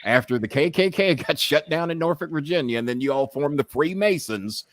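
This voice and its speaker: A man's voice: fairly high pitch, fairly quick, dry recording. A man who is a podcast guest, telling candid stories in a profane, impassioned way that grows heated as he rants. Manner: profane, impassioned, animated when ranting. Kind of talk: candid storytelling.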